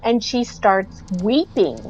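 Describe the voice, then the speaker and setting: A woman guest on a podcast, recounting a haunting in an animated way and acting out the dialogue she quotes. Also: on the high side, slow pace, muffled recording. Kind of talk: podcast interview storytelling.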